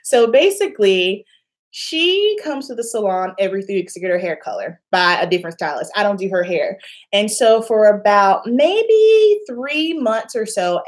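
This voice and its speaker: A young woman telling a personal story to camera in a casual vlog, acting out the voices of the people in it. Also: medium pitch. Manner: animated, acts out quoted voices, laughs often. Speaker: beauty vlogger.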